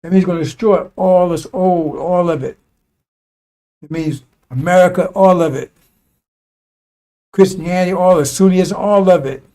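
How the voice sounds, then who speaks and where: A man with a high, warm voice preaches informally at a moderate pace, leaving long pauses. As a religious commentator, he speaks conversationally and repeats his points emphatically, throwing in "see?" and "right?"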